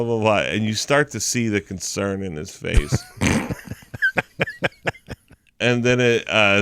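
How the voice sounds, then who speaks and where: A man's voice: lowish voice, a bit bright, clear, resonant tone. A man in his fifties, a morning radio host and comedian, telling a long story and acting out the people in it. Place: radio studio.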